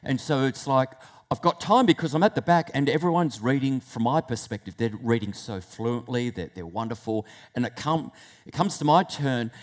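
Male preacher, mid-pitched voice, dramatic storyteller who voices inner thoughts and restarts his phrases. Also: expressive, normal speed. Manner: storytelling, acts out inner thoughts, shifts between hushed and loud; repeats words, restarts phrases. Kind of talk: sermon.

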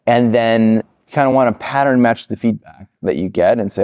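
A man giving an interview on product work, talking animatedly and acting out the people he quotes in quick voices. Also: medium pitch, no echo, lo-fi sound. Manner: animated, acts out quoted reactions. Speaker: product management guest. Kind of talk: interview answers.

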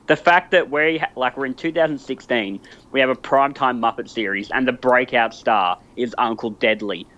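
A man co-hosting a casual podcast discussion, talking enthusiastically with quick asides. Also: medium pitch, steady tone, bright, forceful tone. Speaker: podcast co-host. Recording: slightly dull lo-fi audio.

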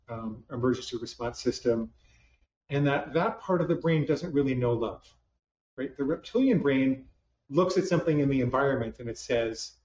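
A man's voice: mid-range voice, a little mellow. A man, a psychologist, giving a conversational talk to a live audience with self-deprecating humor and many restarts, recorded in a hall. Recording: roomy, distant, dull lo-fi hall sound.

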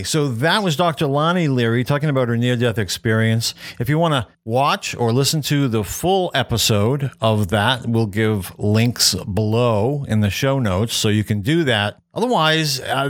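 A man's voice: medium pitch, no echo, clean studio sound. A man hosting a podcast, casually asking questions and wrapping up the episode from home. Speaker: podcast host. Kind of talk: interviewing and closing remarks. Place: home studio.

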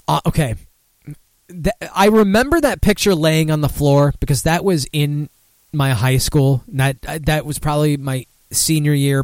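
Swearing, rambling podcast host. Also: male voice, medium pitch, darkish tone, no echo. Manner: rambling, profane, self-mocking, laughs often. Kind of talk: casual live-stream chat.

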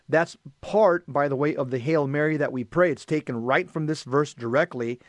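A man's voice: on the high side, normal speed, few pauses, no echo, clean studio sound. A man hosting a show, earnestly reading and explaining scripture in a teaching manner. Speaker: host.

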